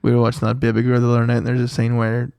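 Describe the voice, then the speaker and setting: A man co-hosting a podcast, telling stories with swearing and quick impressions. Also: mid-range voice, monotone, gravelly, a little mellow, clean tone, dry recording, studio quality. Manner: storytelling, swearing, mimics others. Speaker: podcast co-host. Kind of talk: casual banter.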